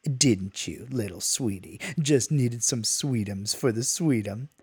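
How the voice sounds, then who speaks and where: A man voicing a fawning male banker with a squeaky voice and syrupy baby talk. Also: takes it slowly, a little mellow, breathy edge. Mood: doting.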